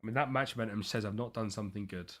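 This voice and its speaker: A young man streaming live, chatting and thinking aloud over a football management game, with excited bursts at chances. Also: on the low side, rapid-fire. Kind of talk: live gameplay commentary.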